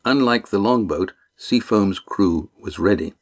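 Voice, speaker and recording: A man narrating an audiobook chapter in a steady, measured reading. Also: fairly low pitch.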